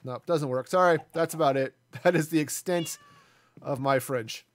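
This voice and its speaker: A man in his forties streams a building game, offering casual, self-deprecating live commentary. His voice is on the high side, at a normal speed.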